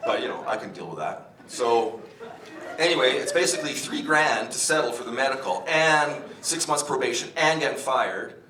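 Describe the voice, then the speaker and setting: A young actor playing a crude, brash store clerk, telling a rambling, profane story with chuckles on a stage. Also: male voice, expressive, moderate pace, bright, forceful tone. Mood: swaggering. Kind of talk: theatre monologue. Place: theatre stage. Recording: roomy stage audio from a distance, faint rumble.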